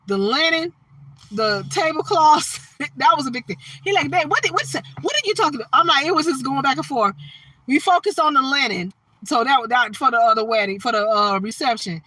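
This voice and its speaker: A woman's voice: a little high, pushed and bright, no echo, rough recording. A woman chatting casually on a livestream, talking animatedly with her viewers. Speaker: livestream host.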